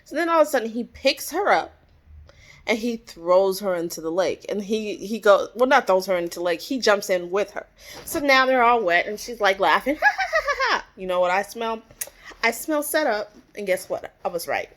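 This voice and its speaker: A woman's voice: medium pitch, animated, moderate pace, a bit bright. A woman vlogger casually recapping a TV episode, chatty and full of "like" and "you know". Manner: chatty, lots of "like" and "you know", acts out characters' lines.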